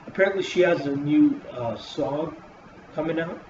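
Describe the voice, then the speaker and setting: In a wrestling-show review vlog, a man with a fairly high, darkish voice talks at a normal speed. He swears a lot and rambles casually with plenty of fillers, and the lo-fi recording sounds roomy and dull with hiss.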